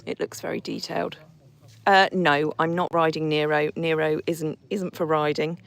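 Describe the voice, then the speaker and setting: A woman's voice: deep voice, fairly even intonation, moderate pace, gravelly. A woman hosting a casual live stream from horseback outdoors, reading viewer comments and cooing and scolding her horses in between.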